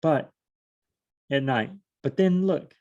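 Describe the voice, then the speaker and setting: A man's voice: on the high side, darkish tone, dull audio. A man studying scripture aloud on his own, talking casually, musing and briefly acting out scenes as he reads. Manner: informal, muses aloud, acts out scenes in quick voices. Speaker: solo Bible study host.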